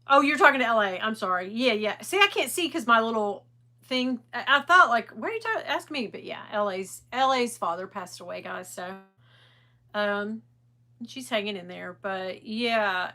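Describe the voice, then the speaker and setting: A middle-aged woman hosting a casual livestream, chatting in a rambling way and greeting viewers by name. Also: mid-range voice. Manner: animated. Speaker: livestream host.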